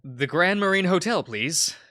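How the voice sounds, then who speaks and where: A man's voice: high voice, expressive, measured pace, bright, forceful tone, dry recording, clean studio sound, pitched above the performer's own voice, full character voice. A man voicing the nervous, stammering young man in his twenties who is the visual novel's main character. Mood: flustered. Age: 20s.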